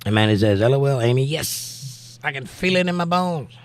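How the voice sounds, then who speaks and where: A man's voice: medium pitch, lively intonation, normal speed, clean tone. Middle-aged man, livestream host, tired, wry and laid-back, reading comments aloud, faint music behind. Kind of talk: casual live-stream chat, reading viewer comments aloud.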